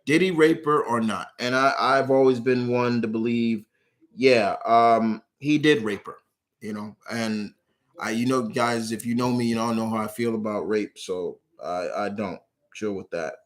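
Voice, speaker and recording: A man with a medium-pitched, steady voice and a slightly slow pace hosts a casual live Q&A stream. He reads viewers' questions aloud and answers them in a rambling, candid way, full of fillers, sounding emotional and earnest.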